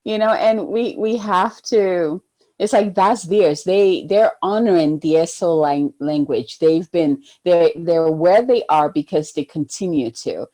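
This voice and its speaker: A woman's voice: lowish voice, unhurried. A woman hosting a podcast interview in a casual way, who agrees often and asks open questions. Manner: warmly affirming, frequent agreeing replies. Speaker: podcast host.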